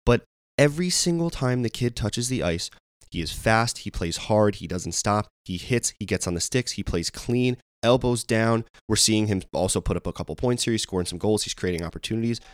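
A man's voice: lowish voice, expressive, a little fast, dry recording, studio quality. A man co-hosting a casual sports podcast, exasperated and firing off rhetorical questions. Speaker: podcast co-host.

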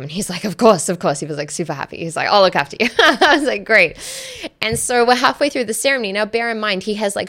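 A woman guest telling a personal story in casual chat, animated, acting out quoted dialogue and laughing often. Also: lowish voice, gravelly. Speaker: podcast guest.

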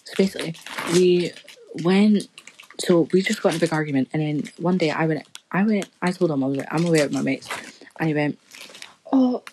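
Young woman, low-pitched podcast co-host, rambling and foul-mouthed, faint background noise. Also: a little fast, a little mellow, rough recording. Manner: rambling, swearing storyteller. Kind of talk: casual chat.

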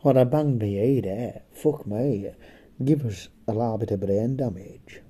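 Here a slightly hoarse, foul-mouthed comedic storyteller wanders through a crude tale, laughing and ending lines with "eh?". The voice is lowish, husky and rough with a very dark tone, delivered at a measured pace.

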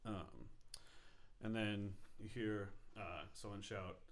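Man narrating as a low-voiced game master. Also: fairly even intonation. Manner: halting, filler-heavy narration.

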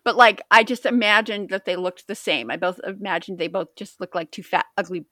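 A woman's voice: medium pitch, fairly quick, a bit bright, dry recording, studio quality. A woman co-hosting a podcast in casual chat, rambling and jokey, often stumbling over words. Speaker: podcast co-host.

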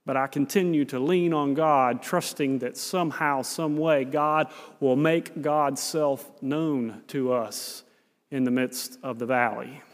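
A man preaching a sermon as pastor, telling a story with dramatic pauses and repeated phrases. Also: mid-range voice, fairly even intonation, big-room sound.

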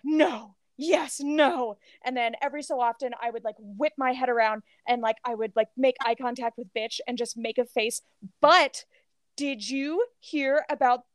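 A woman co-hosting a podcast, telling gossip in a lively casual chat, full of "like" and cursing. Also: high-pitched, no room sound. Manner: animated storytelling, heavy filler "like", swears freely. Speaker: podcast co-host.

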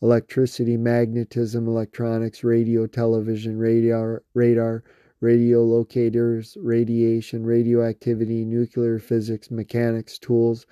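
Man, monotone word-list reading, very dark tone, dry close sound. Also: mid-range voice, moderate pace, clear, resonant tone, no echo, highs cut off. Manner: flat steady list reading with slips and restarts. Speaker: reader.

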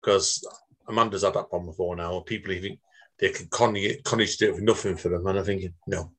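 A man's voice: low-pitched, steady tone, quick pace, a bit bright, breathy edge. A man hosting a podcast in chummy, casual chat, often calling his guest mate. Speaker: podcast host.

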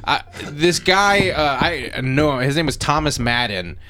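A man co-hosting a comedy podcast, telling stories in casual chat and jumping into loud quoted outbursts. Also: on the high side, measured pace. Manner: animated storyteller, jumps into loud shouted quotes. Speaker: podcast co-host.

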